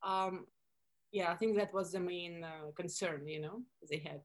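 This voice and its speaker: Animated Russian-accented woman telling stories. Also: on the low side, measured pace. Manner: animated storytelling with playful acted-out quotes. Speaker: guest. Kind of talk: casual interview chat.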